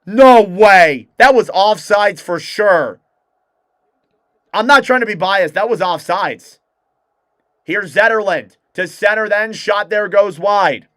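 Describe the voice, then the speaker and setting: A young man doing live hockey play-by-play commentary as a fan streamer, calling the action quickly and reacting with excitement. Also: high voice, dry recording, studio quality.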